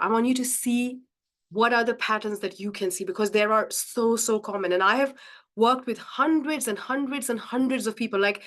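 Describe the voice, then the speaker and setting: A woman's voice: on the high side, fairly bright tone. A woman leading a live-streamed coaching session, speaking effusively and repeating phrases for emphasis. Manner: addresses the audience directly as guys. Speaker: mindset coach hosting a live group session.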